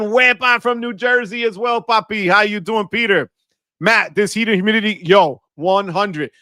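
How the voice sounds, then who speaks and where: A man hosting a live stream, greeting viewers one by one in an energetic, slangy way with Spanish words mixed in. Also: sits high, no echo, clean studio sound. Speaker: livestream host.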